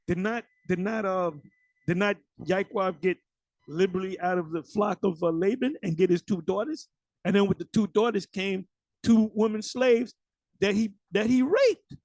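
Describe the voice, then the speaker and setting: A man's voice: high-pitched, normal speed, darkish tone, no room sound, poor audio. A man preaching informally, blunt and profane, often restarting and repeating words.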